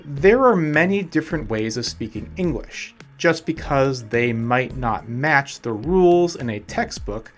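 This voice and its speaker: A man teaching a scripted English lesson as a coach, speaking slowly and deliberately as he reads out example sentences. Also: mid-range voice, lively intonation, faint music behind. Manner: slow, deliberate delivery with example sentences read out.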